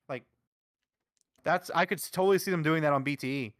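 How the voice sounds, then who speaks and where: A man's voice: on the high side, fairly quick, a bit bright, no echo, clean studio sound. A man co-hosting a casual wrestling review chat, arguing his point emphatically and packing his talk with "like". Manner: emphatic, argumentative, heavy use of "like". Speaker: podcast co-host.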